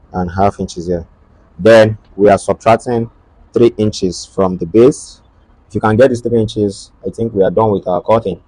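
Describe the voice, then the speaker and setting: Man, low-pitched and dry-sounding, talks a tailoring lesson through in halting repeated steps. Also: a little mellow, no echo, rough recording. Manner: halting, repetitive, thinks aloud while drawing. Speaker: tailoring instructor. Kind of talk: step-by-step sewing tutorial.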